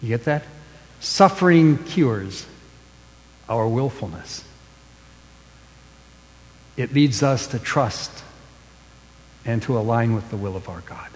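A pastor preaching a sermon, with emphatic stresses that fall away into hushed line endings. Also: male voice, mid-range voice, expressive, slow, pauses often, long reverb tail, low-quality recording.

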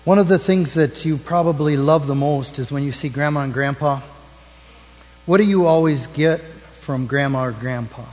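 A man as pastor giving the children's message in church, gently asking the kids questions. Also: fairly high pitch, moderate pace, long reverb tail, rough recording. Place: church sanctuary.

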